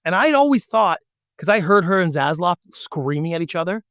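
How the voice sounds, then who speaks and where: A middle-aged man telling a story as an interview guest, animated and acting out the dialogue. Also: sits high, fairly quick, no echo, studio quality. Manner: animated, acts out quoted dialogue. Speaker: podcast guest.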